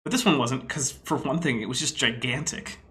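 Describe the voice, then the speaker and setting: A man's voice: medium pitch, fairly quick, sharp tone. A man casually commenting on a video at home, explaining with knowledgeable rambling and lots of fillers. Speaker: co-host reacting to a video. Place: home room.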